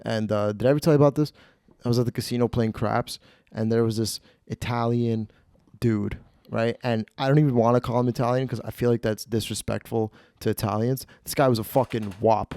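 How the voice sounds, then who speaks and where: A man's voice: mid-range voice, fairly even intonation, a little fast, mellow, clean tone, dry recording, studio quality. A man hosting a podcast, telling a rambling, profane comedy story. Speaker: podcast host.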